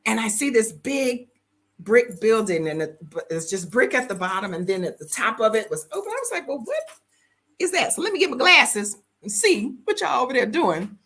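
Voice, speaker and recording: A woman chatting casually to her viewers, telling animated stories with jokes and sudden high-pitched exclamations. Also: moderate pace. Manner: colloquial, joking, talks to viewers as y'all. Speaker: travel vlogger. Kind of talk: casual chat to camera.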